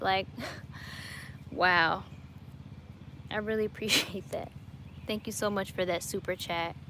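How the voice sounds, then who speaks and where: Answering questions from viewers, a late-twenties woman streams casually from home, sounding sincere and reflective and laughing softly again and again. She has a mid-range voice, with a little background noise audible.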